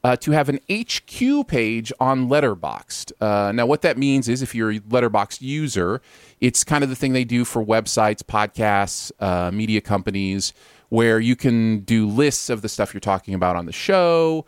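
A man's voice: medium pitch, expressive, moderate pace, clean tone, no echo, clean studio sound. A man hosting a casual pop-culture podcast, chatty and loose, chuckling between lines and using plenty of fillers. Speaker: podcast host.

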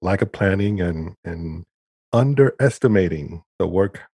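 A man co-hosting a podcast in casual chat, relaxed and a bit tired. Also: sits low, a little slow, breathy edge, dry recording, studio quality. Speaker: podcast co-host.

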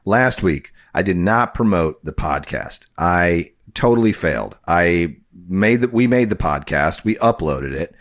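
A man's voice: sits low, expressive, measured pace, hardly any pauses. A man co-hosting a podcast, talking casually and rambling with frequent restarts and fillers. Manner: rambling, self-correcting, lots of fillers. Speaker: podcast co-host.

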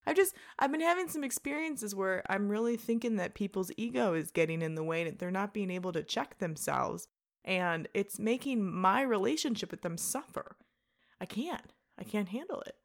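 A young woman co-hosting a podcast, chatting fast and laughing often. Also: mid-range voice, expressive, gravelly. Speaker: podcast co-host. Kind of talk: casual chat.

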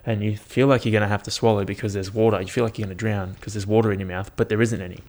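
A young man talks alone into his podcast mic, rambling from one story to the next with plenty of swearing. His voice sits a little low and has a gravelly, fry-heavy edge. The delivery stays loose and offhand. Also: fairly even intonation, rapid-fire, darkish tone. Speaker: podcast host. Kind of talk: casual solo podcast chat. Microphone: podcast microphone.

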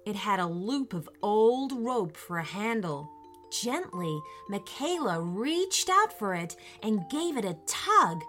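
Woman storyteller, bright lively tone, unhurried, soft music under. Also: mid-range voice. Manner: expressive, animated reading. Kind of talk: children's story narration.

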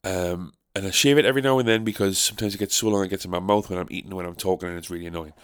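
A man's voice: sits low, racing, clean tone, no echo. A young man from North East England, hosting a casual solo podcast, rambling and sarcastic, swearing freely. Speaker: podcast host.

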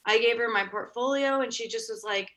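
A young woman in her twenties casually telling a story, full of fillers and quick laughs. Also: on the high side, sharp tone. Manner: chatty, full of "like" and "oh my God", laughs often.

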